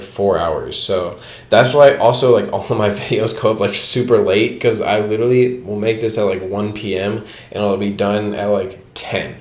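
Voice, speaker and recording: A man's voice: lowish voice, darkish tone. A young man casually telling a story to camera, rambling and filling his talk with "like", laughing at his own anecdotes, recorded on an old home microphone. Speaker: vlogger. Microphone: cheap old home microphone. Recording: echoey room, old microphone.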